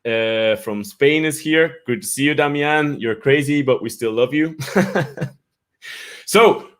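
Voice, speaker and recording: A man's voice: a little high, lively intonation, slow pace. An Irish man hosting a casual live-stream chat for English learners, greeting viewers by name and laughing often. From Ireland.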